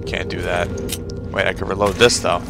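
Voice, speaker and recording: A man's voice: deep voice, little pitch movement, normal speed, vocal fry. A man commentating his own gameplay, swearing and sarcastic, muttering to himself through puzzles. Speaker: gamer. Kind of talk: profane let's play commentary. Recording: game music behind. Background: game music.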